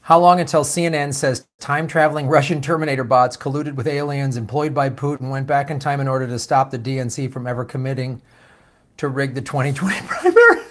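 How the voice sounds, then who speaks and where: Speaking fast and expressively at a medium pitch, this US political show host goes through viewer questions and comments on his live stream. He's jokey and profane, with lots of filler words and asides that trail off.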